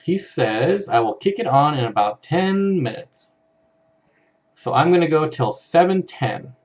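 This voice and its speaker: A man's voice: fairly high pitch, expressive, a little slow. A man hosting a casual live stream, reading out viewer comments in an easygoing way and chuckling often. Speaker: live-stream host for an aquarium channel.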